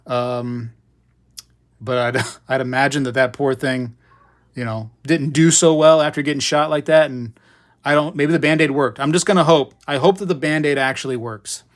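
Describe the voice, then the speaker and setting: A middle-aged man spins a casual, meandering story on a live stream, full of asides and fillers. His voice sits at an ordinary middle pitch and rises loud and high at the exciting moments. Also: normal speed. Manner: chatty, digressive, lots of fillers and asides. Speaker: host of a live hobby show.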